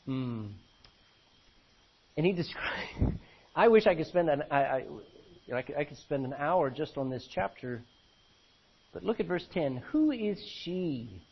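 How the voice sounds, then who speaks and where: A man pastor preaching a sermon, reading old-fashioned scripture aloud and swinging between loud emphasis and low, quiet lines. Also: lively intonation, a little slow, pauses often, breathy edge. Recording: dull lo-fi recording.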